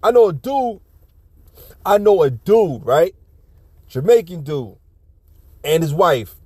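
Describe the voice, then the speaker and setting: A man's voice: a little high, animated, takes it slowly, a little mellow, husky, no echo, studio quality. A man giving casual ranting commentary on a video clip, blunt, profane and preachy, often restarting his sentences.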